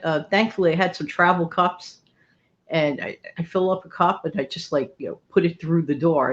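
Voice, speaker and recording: In this casual vlog, a middle-aged host from New York City rambles through her stories, laughing frequently as she chats. She has a deep voice, captured on a muffled recording.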